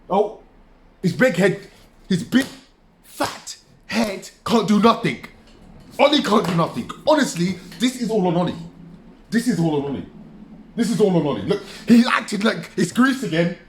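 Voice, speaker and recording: A man's voice: high voice, lively intonation, normal speed, pauses often, roomy sound, a little hiss or hum. A man ranting through a live football match reaction, agitated and repeating himself. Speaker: football fan vlogger.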